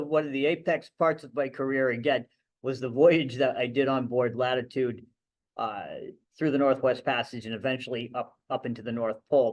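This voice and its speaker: A middle-aged man speaks at a library event as a ship captain and tells stories from his voyages. His voice sits at an ordinary mid pitch. He talks conversationally and restarts his sentences as he goes. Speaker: ship captain giving a public talk. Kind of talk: anecdotal lecture.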